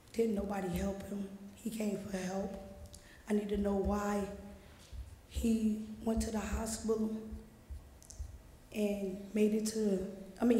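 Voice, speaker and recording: A woman's voice: medium pitch, warm tone. A grieving mother speaking at a council meeting, pleading and asking question after question. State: grief-stricken. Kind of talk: public statement at a council meeting. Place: large council chamber. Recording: echoey chamber with long reverb, faint noise.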